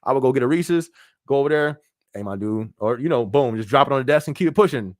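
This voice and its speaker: Man, casual live-stream host, mid-pitched voice, dry close sound. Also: fast talker, dry recording. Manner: relaxed, laughs often, reads viewer comments aloud. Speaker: podcast host.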